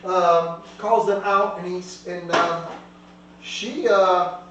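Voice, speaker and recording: A man's voice: high voice, steady tone, slow, dull audio. A man narrating as a tabletop game master, rambling and heavy on fillers, recorded from a distance in an echoey room with a faint hum.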